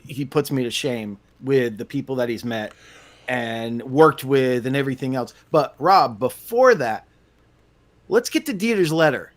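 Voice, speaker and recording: A man co-hosting a live show, chiming in with casual, halting banter. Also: medium pitch, lively intonation. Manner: interjecting, stammering restarts. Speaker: co-host.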